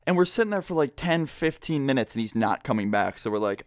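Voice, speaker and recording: Fast-talking young man, hushed and profane. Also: mid-range voice, animated, dry recording, clean studio sound. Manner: speaks quietly, holding his voice down; loose and profane, lots of filler words. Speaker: vlogger. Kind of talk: casual storytelling vlog. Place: indoor room with people next door.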